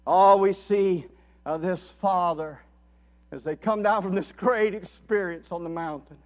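A man preaching a sermon at a men's conference, impassioned, swinging from hushed, intimate passages to loud pleading. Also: high-pitched. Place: conference hall.

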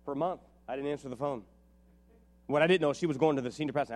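A middle-aged man from West Virginia preaching a sermon, telling stories and rising to animated, shouted peaks. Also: a little high, fast talker. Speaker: pastor.

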